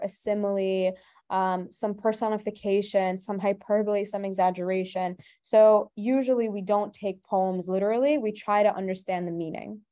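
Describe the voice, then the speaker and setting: A woman tutor teaching an online webinar, explaining briskly and asking rhetorical questions as she goes. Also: mid-range voice, warm tone.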